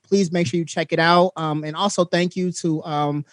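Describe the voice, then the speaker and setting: A host rattles through sponsor plugs and shout-outs in a loose, upbeat way. The sound is dry and close. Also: mid-range voice, steady tone, moderate pace, no room sound. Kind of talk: live-stream talk show hosting and sponsor read.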